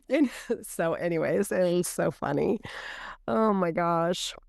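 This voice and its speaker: A woman's voice: lowish voice, creaky, no room sound, studio quality. A middle-aged woman co-hosting a podcast, telling stories in casual chat with lots of "like". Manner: animated storyteller, fillers of "like". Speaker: podcast co-host.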